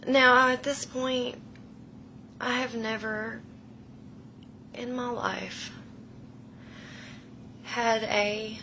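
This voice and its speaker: A woman in her thirties retelling a frightening personal experience in a slow, emotional, hushed way, often dropping her voice low. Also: fairly even intonation, slight background noise, rough recording. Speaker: storyteller. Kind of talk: personal paranormal story.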